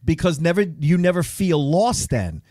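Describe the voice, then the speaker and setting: A man's voice: on the high side, sing-song, normal speed, darkish tone, dry recording. A middle-aged man hosting a casual podcast chat, joking and laughing often as he talks. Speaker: podcast host. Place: podcast studio.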